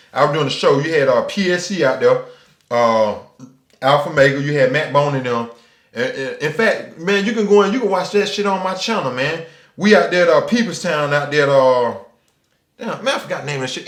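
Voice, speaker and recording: Atlanta guy with a high voice riffing casually on his channel, cussing a lot, lots of "you know what i'm saying", echoey room. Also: a bit bright. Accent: Atlanta Southern. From Atlanta, Georgia. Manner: loose, profane street talk with many "you know what I'm saying" fillers; acts out quoted people. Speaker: channel host. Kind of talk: casual monologue.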